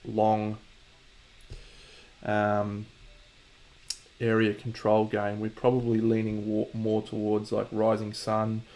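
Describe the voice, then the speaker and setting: A man's voice: on the low side, darkish tone. A man with an Australian accent, casually chatting to viewers on his stream while painting, joking and mock-boastful, swearing freely.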